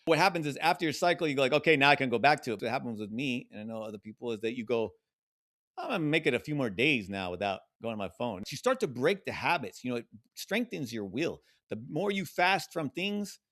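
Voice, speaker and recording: A man's voice: medium pitch, fairly bright tone. A man giving a casual spiritual talk as a teacher, rambling, repeating his phrases and laughing between points.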